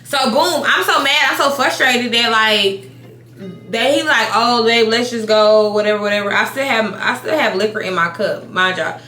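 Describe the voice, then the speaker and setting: Bright-voiced woman in her thirties, animated storytime. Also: on the high side, moderate pace, reverberant. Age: 30s. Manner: animated, swearing, restarts sentences. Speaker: beauty vlogger. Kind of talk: casual storytime while doing makeup. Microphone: compact camera mic.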